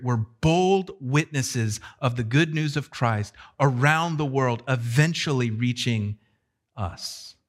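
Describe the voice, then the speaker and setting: A man preaching a sermon as a pastor, in a conversational, animated way that keeps putting questions to the congregation. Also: medium pitch.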